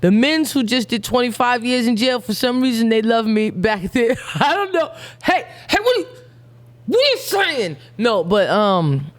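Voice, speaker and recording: A woman's voice: fairly high pitch, very animated, moderate pace. A woman rapper being interviewed, talking bluntly and jokingly in casual slang.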